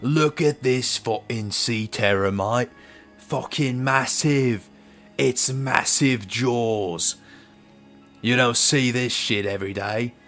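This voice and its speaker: A man's voice: mid-range voice, slow, soft background music, pitched above the performer's own voice. A man doing a crude, brash Australian bloke. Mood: rowdy. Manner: loud, gruff, swearing.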